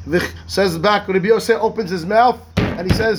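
A man, a rabbi teaching a Talmud class, reading text quickly and explaining it in rhetorical questions. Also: high voice, slight background noise. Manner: animated, reads Hebrew text fast then explains in English; asks rhetorical questions, acts out the rabbis' voices.

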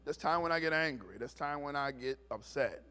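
A man's voice: on the high side, normal speed, smooth. A middle-aged male pastor preaching a sermon, telling stories and acting out the voices of the people in them. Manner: animated storytelling, acts out voices.

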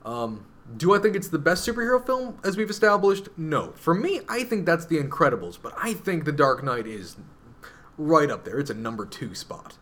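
A man's voice: fairly high pitch, sing-song, normal speed, fairly bright tone. Analytical man on a podcast. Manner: thoughtful, analytical, many fillers. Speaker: podcast co-host. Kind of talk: casual chat.

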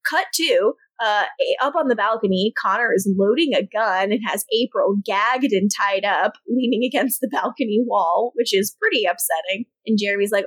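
A woman co-hosting a podcast, casually recapping episodes, laughing often, swearing and quickly quoting characters. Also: medium pitch, fairly bright tone, dry recording. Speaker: podcast co-host.

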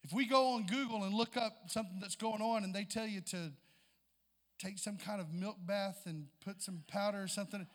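A man delivers a sermon in a strikingly high voice, swelling from quiet reflection to fervent, near-shouted appeals. His words ring out with a long reverb, as if he were recorded in a large hall. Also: fairly even intonation, fairly quick. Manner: impassioned, building to near-shouts with church interjections. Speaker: preacher.

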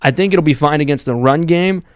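A young man co-hosting a student sports podcast, giving steady, thought-through football analysis in long run-on points. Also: fairly high pitch, fairly quick, clear, resonant tone, no echo, clean studio sound.

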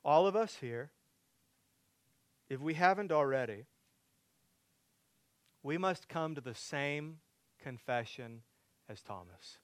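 A man preaching a sermon to a congregation, asking them direct questions and building from quiet teaching to loud, emphatic preaching. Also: on the high side, expressive, takes it slowly, long pauses, no echo. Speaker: pastor.

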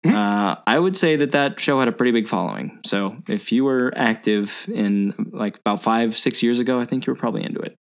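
A man's voice: medium pitch, fairly quick, gravelly, smooth. A man co-hosting a movie podcast, chatting casually and enthusiastically with plenty of fillers. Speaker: podcast co-host.

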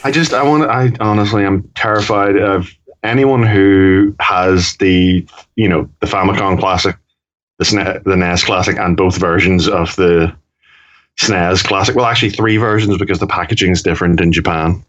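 Deep-voiced Northern Irish man, rambling. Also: steady tone, normal speed, fairly bright tone. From Northern Ireland. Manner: rambling, self-correcting. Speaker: podcast co-host. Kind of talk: casual chat. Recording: dull lo-fi sound.

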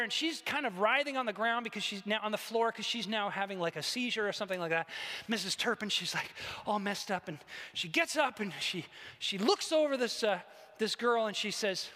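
A man preaching a sermon, retelling a story with animated, conversational asides. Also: high-pitched, a little fast. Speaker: pastor. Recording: long hall reverb.

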